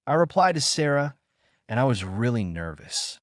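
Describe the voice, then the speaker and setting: A man's voice: medium pitch, very animated, moderate pace, dry recording, studio quality. A man narrating a horror story in a tense, dramatic way, with anxious outbursts.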